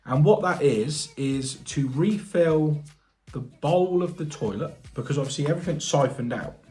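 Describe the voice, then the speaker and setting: A man's voice: on the high side, moderate pace, warm tone. Chatty British man thinking aloud. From United Kingdom. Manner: chatty, thinks aloud, asks viewers questions. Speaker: plumber and channel host. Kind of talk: casual reaction vlog.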